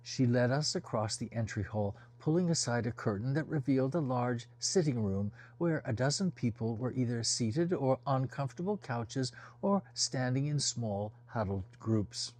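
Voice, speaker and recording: A man reading a first-person novel aloud as an audiobook, in a measured, descriptive storytelling manner. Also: mid-range voice, lively intonation, darkish tone. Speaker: audiobook reader.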